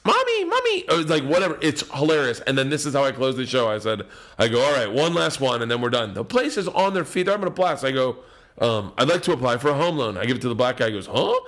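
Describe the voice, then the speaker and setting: A middle-aged man telling wild stand-up stories in a casual, profane talk, swinging between loud and hushed. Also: medium pitch, expressive, quick pace. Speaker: guest comedian. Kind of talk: casual podcast storytelling.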